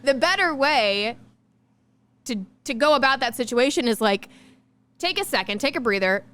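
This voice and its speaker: Clear-voiced woman explaining in chat. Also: sits high, lively intonation, normal speed, a bit bright. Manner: explanatory, laughs easily. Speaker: podcast co-host. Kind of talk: casual chat.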